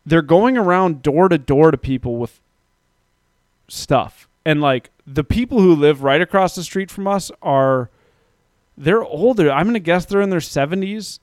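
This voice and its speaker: A man in his thirties telling a story in a casual, profane rant that grows heated and loud. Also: fairly high pitch, smooth, no echo, studio quality. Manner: ranting, profane, gets heated and loud when recounting.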